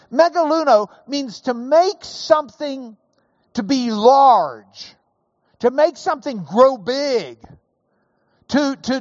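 A man preaching a sermon, slow and emphatic, building to raised emphasis on key points. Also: high-pitched, darkish tone, no room sound, highs cut off. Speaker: pastor.

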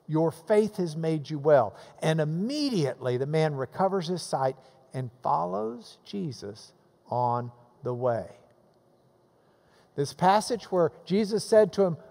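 A pastor delivers a sermon in a high, bright voice. He preaches with animation and acts out the voices of the people in his readings. A long reverb from the hall trails behind him. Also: expressive, unhurried, vocal fry.

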